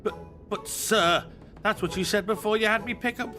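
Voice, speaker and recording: Man putting on a pleading farmhand, high and whiny, bright, game dialogue. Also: moderate pace, soft background music. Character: put-upon male farmhand, whiny and overworked.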